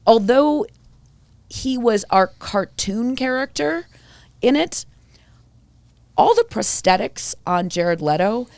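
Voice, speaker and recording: A woman co-hosting a podcast, giving strong, animated opinions in a casual film review chat. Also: fairly high pitch, slow, pauses often, no room sound. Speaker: podcast co-host.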